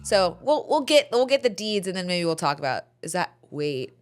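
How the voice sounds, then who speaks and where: Middle-aged woman host, animated, blunt, swears casually, chatty podcast storyteller. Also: lowish voice, moderate pace, smooth.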